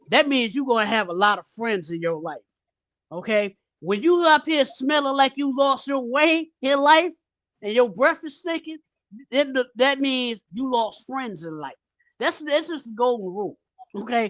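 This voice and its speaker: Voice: mid-range voice, expressive, unhurried, a bit bright, no echo. A podcast co-host talking in a sassy, emphatic way and lecturing in a casual chat. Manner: sassy, emphatic, preachy asides.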